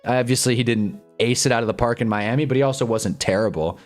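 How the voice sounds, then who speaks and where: A man hosting a live football stream, rambling and sarcastic in casual commentary, then suddenly loud when a wild play breaks. His voice sits at an ordinary middle pitch. Faint music plays quietly behind him. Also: fast talker.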